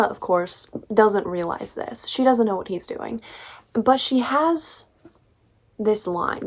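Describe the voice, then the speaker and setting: A woman's voice: medium pitch, darkish tone. Exasperated young woman ranting about a book. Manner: ranting, exasperated, sarcastic, swears freely. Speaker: book reviewer. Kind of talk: casual book review vlog.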